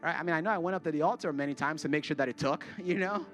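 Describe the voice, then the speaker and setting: A man's voice: a little high, racing, over music. A man in his forties, a pastor preaching a sermon to his congregation. He speaks earnestly and confessionally and repeats words when worked up. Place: church sanctuary before a congregation.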